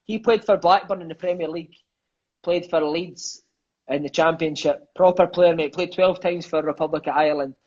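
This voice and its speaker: Scottish man, thirties, high voice, chatty and sweary raconteur, dull lo-fi recording. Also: normal speed. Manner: animated, swearing, peppers lines with "mate". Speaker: interview guest, former footballer. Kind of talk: casual storytelling chat. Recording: dull lo-fi sound.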